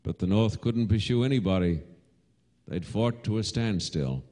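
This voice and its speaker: A man preaching a sermon, telling a story slowly and dramatically and rising to loud cries when he voices the calls. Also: on the low side.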